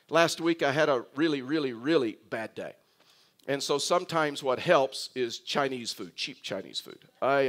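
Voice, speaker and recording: A man in middle age, a pastor, preaching a sermon with wry humor and lively storytelling, talking to Jonah as if he were there. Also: mid-range voice. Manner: animated, voices imagined dialogue with Jonah.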